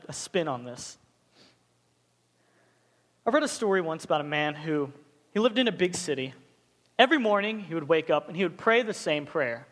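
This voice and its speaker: A young man with a high voice preaching to students in a relaxed, joking way, jumping into stories with lively asides. his words ring out with a long reverberant tail. it sounds like a big hall rather than a small room. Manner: casual, joking, animated storytelling. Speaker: youth pastor. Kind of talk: sermon.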